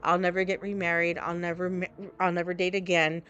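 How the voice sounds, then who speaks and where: A woman's voice: on the low side, flat delivery, a little fast, fairly bright tone, muffled recording, faint music behind. Rambling New woman streaming a game. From New Jersey. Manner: rambling and candid, restarts often. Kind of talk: casual live-stream chat.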